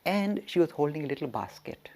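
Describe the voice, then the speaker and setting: A man giving a storytelling lecture as a religious teacher, animated and chuckling, with rhetorical questions. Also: a little high, brisk, gravelly.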